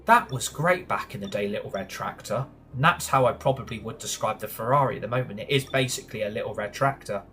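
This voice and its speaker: A man's voice: fairly low pitch, fast, hardly any pauses, bright, forceful tone, slight background noise. A young British man streaming a racing game, chatting casually, grumbling and swearing when frustrated. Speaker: gaming streamer. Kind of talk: live gameplay commentary.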